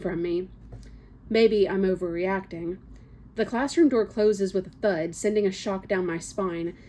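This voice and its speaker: A woman's voice: mid-range voice, mellow. A woman reading a first-person novel excerpt aloud, with small slips and casual asides. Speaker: book reader.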